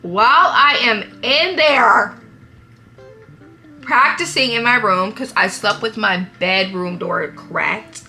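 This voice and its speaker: A woman's voice: mid-range voice, takes it slowly, creaky, sharp tone, soft background music. A young woman, chatting and laughing through a dramatic story while doing her makeup. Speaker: vlogger. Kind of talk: get-ready-with-me story time.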